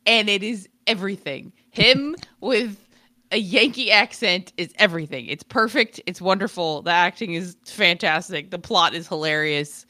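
A young woman co-hosts a podcast in easy, enthusiastic conversation, leaning hard on the words she likes. Her tone is bright and her pitch moves a lot. She sits at an ordinary middle pitch for a woman. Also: animated, normal speed. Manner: enthusiastic and emphatic. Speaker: podcast co-host. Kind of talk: casual chat.

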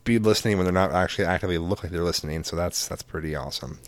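A man's voice: sits low, very fast, crowd noise. A man co-hosting a podcast, chatting casually in a rambling, filler-heavy, casually profane way. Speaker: podcast co-host. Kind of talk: casual chat.

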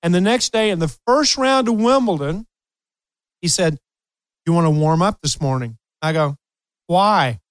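A man spins a long story in casual chat, animated and laughing often. His voice is smooth and resonant, recorded dry and close in a studio. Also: fairly high pitch, moderate pace, long pauses, no echo. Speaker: host, tennis coach.

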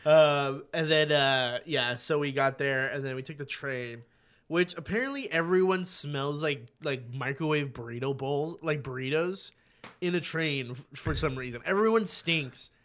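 Casual male co-host, slightly higher voice, swears freely, rambles through stories. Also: measured pace, a bit bright. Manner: rambling storyteller, profane, acts out quoted voices. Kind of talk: casual chat.

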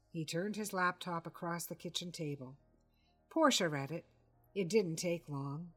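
A woman podcast host reading a comic crime story aloud in a measured, wry way. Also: on the low side, soft background music. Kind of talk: storybook narration.

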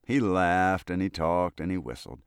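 Deep-voiced male audiobook narrator. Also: smooth, no room sound, studio quality. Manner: steady, measured storytelling. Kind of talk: classic short story reading.

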